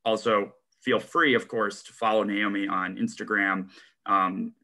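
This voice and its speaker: A man's voice: fairly low pitch, little pitch movement, unhurried, bright, forceful tone. A man moderating a convention session, speaking hesitantly with many fillers. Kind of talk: panel moderation.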